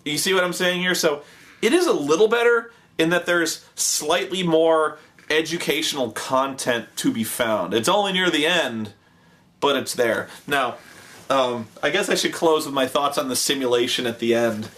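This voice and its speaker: A man's voice: a little high, animated, normal speed, a bit bright. A man giving a comedic review of a television show, sarcastic and profane, retelling scenes with mock voices.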